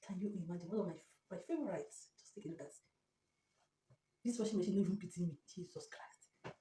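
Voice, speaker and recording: A woman's voice: fairly low pitch, fast talker, warm tone. A woman from Nigeria with a Nigerian accent, ranting dramatically and repeating herself in a vlog at home. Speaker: vlogger. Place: home, indoors by the washing machine. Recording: echoey room, mic far off.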